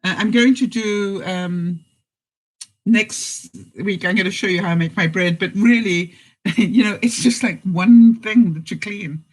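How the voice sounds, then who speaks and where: A woman's voice: mid-range voice, a little slow, low-quality recording. A woman chats to her viewers in a loose, homey way. She speaks bluntly and breaks into laughter often. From Canada. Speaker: vlogger. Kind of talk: casual live chat to viewers.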